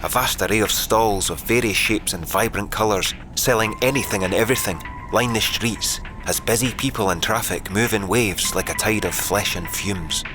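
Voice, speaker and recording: A man reading a novel aloud as narrator in a measured, vivid storytelling manner. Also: lowish voice, over music. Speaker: audiobook narrator. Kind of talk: scripted narration.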